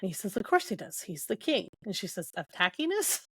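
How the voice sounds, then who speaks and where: A woman's voice: mid-range voice, very animated, fast, slightly rough, dry recording. Woman casually recapping a book. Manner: retells scenes with quoted dialogue, many fillers. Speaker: podcast co-host.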